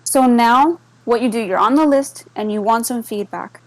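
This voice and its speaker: A woman's voice: a little high, moderate pace, dry recording, rough recording. A woman walking listeners through a screen-share tutorial, mixing English and Spanish and checking in often with "okay?". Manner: relaxed, with many fillers. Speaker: server moderator explaining a bot.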